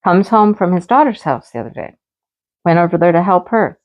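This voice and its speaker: A woman's voice: fairly low pitch, big pitch swings, a little fast, a little mellow. A middle-aged woman, a teacher, chatting casually in her craft vlog, telling a story with a lot of laughter and acting out the dialogue. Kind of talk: casual chat while crafting. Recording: slightly dull lo-fi audio.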